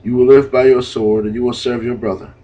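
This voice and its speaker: A man reading the part of an aged father blessing his sons, slow and solemn, in a dull lo-fi recording. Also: mid-range voice, little pitch movement, close to an everyday voice.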